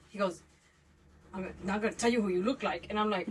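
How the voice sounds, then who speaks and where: A middle-aged woman, the host's mother, telling a family story loudly and acting out what people said. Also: mid-range voice, fast talker, a little hiss or hum. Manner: loud and excited, acts out quoted lines.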